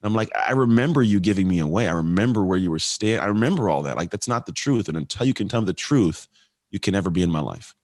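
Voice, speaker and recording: A man in his late thirties from California, a podcast guest telling his life story in an animated way and acting out the voices of people he quotes. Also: low voice, fast talker, dry recording. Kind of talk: storytelling in an interview.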